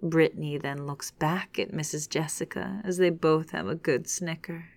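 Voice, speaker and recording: A woman narrating a second-person story in a hushed, unhurried, often whispered reading. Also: low-pitched, fairly even intonation, vocal fry, no echo.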